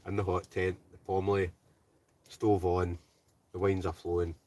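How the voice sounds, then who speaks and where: Scottish guy with a deep voice doing live chat banter from his tent, sounds a bit far from the mic. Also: level tone, unhurried, darkish tone, a little hiss or hum. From Scotland. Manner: chatty, reads out viewer comments, tags lines with "right?". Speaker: live stream host. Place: inside a hot tent with a stove.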